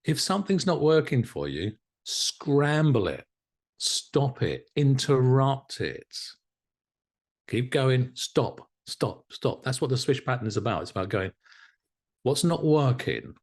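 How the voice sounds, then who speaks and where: A man teaching a live online hypnotherapy class, animated and encouraging, often laughing as he talks to students. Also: medium pitch, unhurried, breathy edge. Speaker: hypnotherapy instructor.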